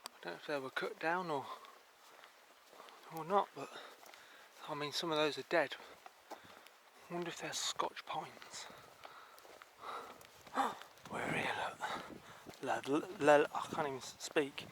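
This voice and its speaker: A man's voice: on the high side, vocal fry, fairly bright tone, low-quality recording. A man vlogging while he hikes in the countryside, chatty and joking, talking to the animals he passes. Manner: jokey, chatty, talks to animals. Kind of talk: casual vlog commentary while hiking. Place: outdoors in the countryside near a stream and waterfall. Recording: outdoor recording with rushing water noise.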